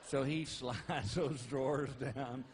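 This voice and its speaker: A man's voice: medium pitch, slow pace. A man telling a stand-up story, drawling and acting out the characters as he goes. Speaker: stand-up comedian. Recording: noisy live comedy recording.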